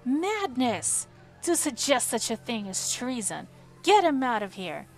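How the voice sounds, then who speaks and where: A woman voicing a pompous, spiteful old male archmage who shouts indignantly. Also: fairly high pitch, animated, a little slow, faint music behind. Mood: outraged.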